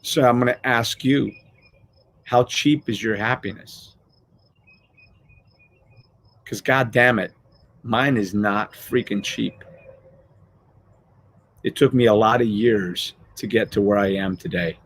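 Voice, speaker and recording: A man's voice: fairly low pitch, slow pace, pauses often, fairly bright tone. A middle-aged man hosting a motivational live show, talking casually and animatedly, swearing freely and acting out everyday scenes.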